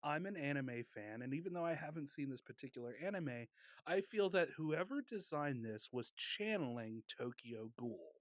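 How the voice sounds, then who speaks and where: A man's voice: on the high side, normal speed, no echo. Guy cohosting a podcast, laughs a lot, dry close sound. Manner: laughs often, animated and joking. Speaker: podcast co-host. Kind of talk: casual chat.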